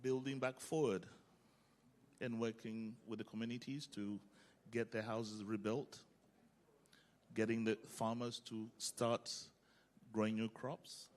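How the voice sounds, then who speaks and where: Calm man answering from the audience. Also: on the low side, slow pace, long pauses. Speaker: audience member. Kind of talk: answering a question at an event.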